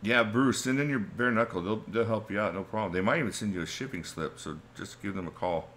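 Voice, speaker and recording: Chill middle-aged guy, deep voice, chatting w his stream, laughs a lot. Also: fairly quick, fairly bright tone, a little hiss or hum. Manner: laid-back, chatty, laughs often. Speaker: livestream host. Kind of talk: casual live chat reading comments.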